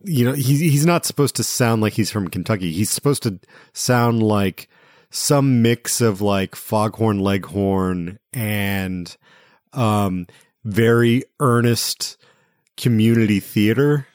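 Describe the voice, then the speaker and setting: A man hosting a casual film discussion podcast, talking in a relaxed, hesitant way with many fillers. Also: on the low side, slow pace, no echo, studio quality. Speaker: podcast host.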